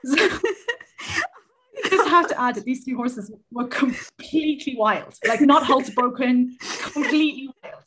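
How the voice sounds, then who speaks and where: A woman's voice: high voice, sing-song, unhurried, fairly bright tone, a little hiss or hum. An Irish woman telling a self-mocking story in casual podcast chat, laughing often as she talks. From Ireland. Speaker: horse rider.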